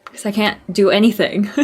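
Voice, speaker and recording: A woman's voice: medium pitch, expressive, a little slow, slightly rough, faint music behind. A woman streaming a game, chatting casually, swearing and laughing at herself. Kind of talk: casual gameplay commentary.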